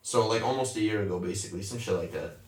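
A young man talks casually and curses freely, spinning an animated, slangy story with his friends. His voice sits mid-range. It comes through a roomy space, a little off the mic. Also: on the low side, fast talker. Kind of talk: casual chat. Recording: roomy echo, a bit far from the mic.

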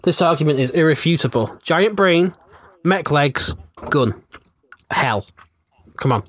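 A man's voice: a little high, lively intonation, unhurried, background noise. A man hosting a casual chat, joking and laughing as he steers the talk. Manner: jokey, laughs a lot, leads the talk. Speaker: podcast host.

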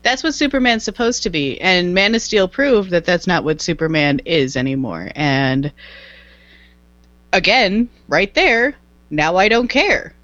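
A woman's voice: lowish voice, animated, unhurried, a bit bright, no room sound. A woman co-hosting a podcast in casual chat, emphatic and repeating her points. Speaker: podcast co-host. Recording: slightly dull dry sound.

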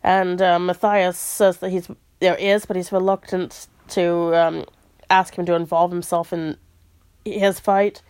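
Woman, lowish voice, casual chat, retelling a story, relaxed asides. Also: a little slow, smooth. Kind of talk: casual chat, reading a book aloud.

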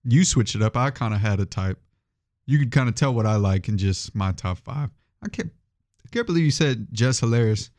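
Easygoing podcast dude, jokey, lots of slang. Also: male voice, medium pitch, lively intonation, fairly quick, a little mellow. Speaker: podcast co-host. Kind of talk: casual podcast chat.

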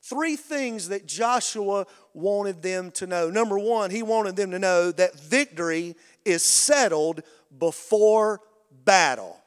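A man preaching a sermon as pastor, energetic and rousing the congregation to call back. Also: high voice, slow pace, smooth. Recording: long reverb of a large hall.

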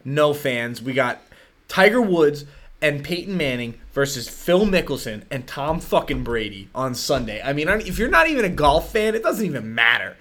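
A young American man hosting a podcast, talking in a loose, animated way with lots of swearing. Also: a little high, moderate pace. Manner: animated, swearing, puts on silly accents. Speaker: podcast host. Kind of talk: casual chat.

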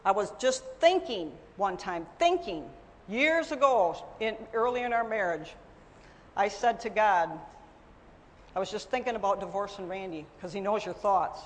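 A middle-aged woman preaching a sermon, telling her own story with emphatic swings between loud and soft. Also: medium pitch, lively intonation, moderate pace, in a large hall, a little hiss or hum.

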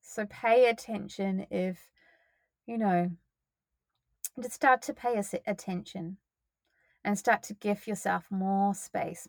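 A woman hosts her own podcast in a loose, expressive solo monologue and swears without apology. Her voice has a gravelly fry on it, and it sits at a middling pitch. The sound is dry and close. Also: measured pace, no echo. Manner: expressive, swears freely, breathy sighs and laughs. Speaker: podcast host.

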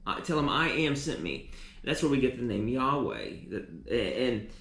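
Male preacher, teaching sermon, halting restarts, roomy reverb. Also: medium pitch, very animated, a bit bright. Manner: repeats words often, restarts.

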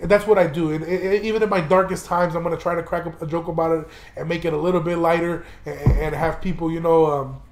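A man's voice: a little high, fairly even intonation, quick pace, few pauses, echoey room, slight background noise. A young man hosting a podcast, talking casually and somberly, rambling with many restarts and plenty of swearing. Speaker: podcast host.

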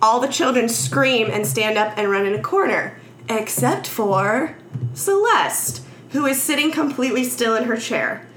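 A woman's voice: on the high side, measured pace. A woman in casual chat, retelling a film's plot scene by scene and acting out the characters' lines. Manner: animated storytelling, acts out characters' lines. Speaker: podcast host recapping a film. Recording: echoey room with faint noise.

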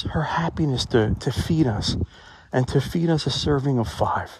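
A man's voice: fairly high pitch, animated, moderate pace, breathy edge. A man talking to his phone as he walks outdoors, musing in a rambling, conversational way in a reflective vlog. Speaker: vlogger. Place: outdoors in a cemetery. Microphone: phone held while walking.

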